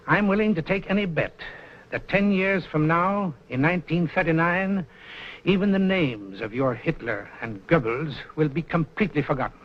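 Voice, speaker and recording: Smug dismissive newspaper guy, husky higher voice, muffled old movie audio. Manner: dismissive, condescending. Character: complacent newspaper publisher, dismissive. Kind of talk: 1940s film acting. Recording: dull lo-fi 1940s film sound.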